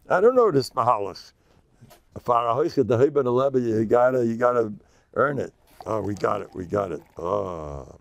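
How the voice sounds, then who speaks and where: An older rabbi, dropping into his talk. His voice is gravelly and sits at an ordinary pitch, recorded dry and close. He lectures in a joking, boastful, self-mocking way. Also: moderate pace, no echo. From United States. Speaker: rabbi giving a class. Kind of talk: informal Torah lecture.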